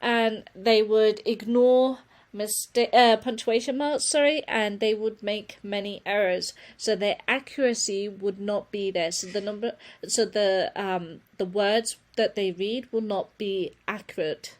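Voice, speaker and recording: A woman presenting a webinar on children's reading, speaking earnestly and often correcting herself with a quick apology. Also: medium pitch, steady tone. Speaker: reading teacher giving a webinar.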